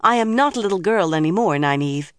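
A man's voice: a little high, fairly quick, a bit bright, dry recording, studio quality. A man voicing an earnest, defiant young woman in an audiobook reading. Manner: determined, a little shaky.

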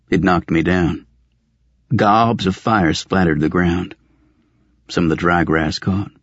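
A man's voice: low voice, husky, dry recording, lo-fi sound. A man narrating a fantasy audiobook in the first person, in a dry, wry, world-weary tone.

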